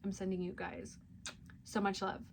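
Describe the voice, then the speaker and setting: A woman sharing an intuitive spiritual message with her viewers, speaking softly and intimately, often dropping to a near-whisper, with plenty of casual fillers. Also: mid-range voice, little pitch movement, moderate pace, creaky, slight background noise. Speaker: spiritual reader and channel host.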